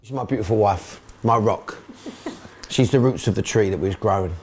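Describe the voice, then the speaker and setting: A man's voice: fairly low pitch, moderate pace, darkish tone, a little hiss or hum. A middle-aged man from England, a football club owner and manager, speaking emotionally and repeating himself in a candid documentary interview.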